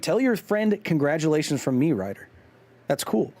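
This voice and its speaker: This streamer's voice is a little high and darkish, with lively intonation and a moderate pace, captured in a dry recording. Hosting a live game stream, he chats loosely with viewers, responds to chat, stumbles through ums and restarts, and makes fun of himself.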